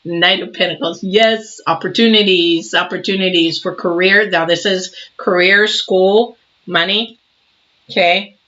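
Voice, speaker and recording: Woman, 60s, tarot reader, preachy and animated, slightly muffled home recording. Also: fairly low pitch, a little slow. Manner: emphatic, preachy, acts out little scenes. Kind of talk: casual tarot reading monologue.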